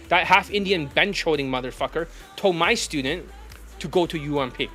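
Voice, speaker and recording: A man with a notably high voice delivers a blunt, swear-laden rant as a dating coach, faint music playing under him. He talks as if calling out his viewers directly. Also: fairly quick, sharp tone. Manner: profane, blunt, ranting. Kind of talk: ranting vlog monologue.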